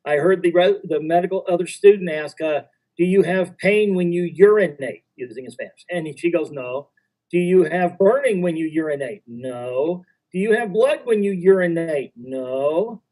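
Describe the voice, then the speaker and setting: A male physician on a conference panel who went to medical school abroad, telling stories in a measured way. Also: fairly high pitch, a little mellow, rough recording.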